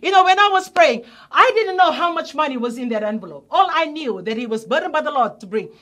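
Woman pastor, high voice, earnest testimony turning into emphatic preaching. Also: expressive, quick pace, fairly bright tone. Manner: earnest storytelling, rising to emphatic exhortation. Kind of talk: testimony sermon.

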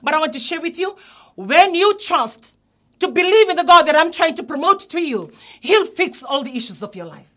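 A woman's voice: sits high, sing-song, moderate pace, sharp tone. A woman pastor, telling a testimony and exhorting listeners in a sermon. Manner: earnest storytelling, rising to emphatic exhortation.

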